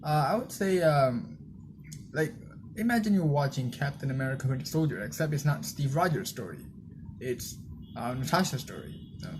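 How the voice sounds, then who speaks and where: A man's voice: mid-range voice, lively intonation, normal speed, noisy background. A young man giving a casual spoken film review, rambling loosely with lots of fillers and restarts. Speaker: movie reviewer.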